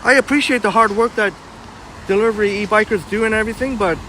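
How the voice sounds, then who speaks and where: This man has a high, fast, bright voice with a forceful edge. Calling himself a hothead and speaking bluntly, he live-streams a walk along a city sidewalk, chatting away as he reads out viewer messages and responds, with faint street traffic behind him.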